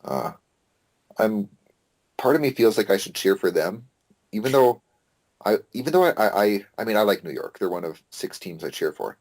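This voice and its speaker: A man with a very low-pitched voice talks in a loose, casual podcast chat. He gets excitable, drops the odd swear word and restarts his sentences as he goes. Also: normal speed, pauses often. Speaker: podcast co-host.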